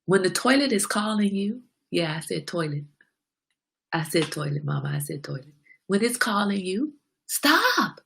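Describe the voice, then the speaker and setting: A middle-aged woman hosting her own show, giving a candid, preachy motivational talk about slowing down. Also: fairly low pitch, lively intonation, gravelly. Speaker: host. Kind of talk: casual motivational monologue.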